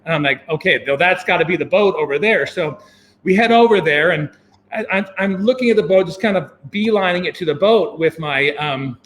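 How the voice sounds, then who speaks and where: An American man casually telling a long story, acting out his own thoughts in a rambling, animated way. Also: brisk, a little hiss or hum. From United States. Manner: animated, acts out his own past thoughts with sudden jumps in pitch; rambling, with many fillers and restarts.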